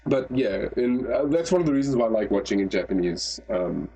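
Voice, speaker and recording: A man co-hosting an anime review podcast, talking casually in rambling, animated stretches full of restarts. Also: mid-range voice, brisk, creaky, breathy edge, highs cut off.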